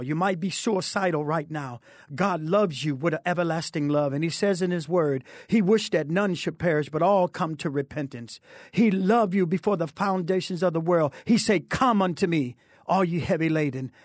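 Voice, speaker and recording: Impassioned high-voiced man preaching. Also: no room sound, clean studio sound. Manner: impassioned, preacherly, swings between low and high. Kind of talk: testimony and altar call.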